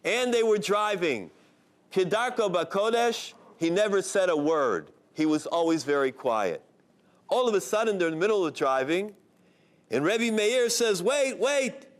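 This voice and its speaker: A man, a rabbi, telling an inspirational story in an expressive voice, sprinkling in Hebrew terms. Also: sits high, moderate pace.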